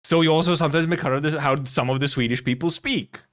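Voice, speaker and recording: A man's voice: a little high, fairly even intonation, quick pace, a bit bright. A man from Finland, streaming and chatting casually, rambling, laughing often and swearing freely. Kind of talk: casual livestream commentary.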